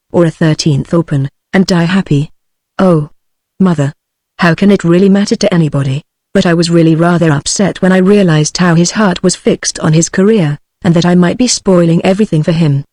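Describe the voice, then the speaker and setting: A text-to-speech woman's voice with a British English accent, reading a novel aloud in an even, machine-like delivery. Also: on the low side, dry recording, studio quality. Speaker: audiobook narrator.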